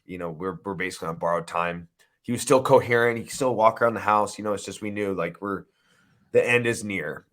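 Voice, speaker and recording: A man in his thirties, an interview guest, telling a painful personal story in a halting, emotional way with many restarts. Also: low-pitched, fairly bright tone.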